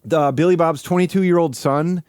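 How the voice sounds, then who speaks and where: A man's voice: fairly high pitch, fairly even intonation, moderate pace, a little mellow, clean tone, no echo, studio quality. A man streaming live, ranting casually in a rambling, profane way full of "like". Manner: rambling, profane, heavy use of "like". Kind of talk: casual livestream rant.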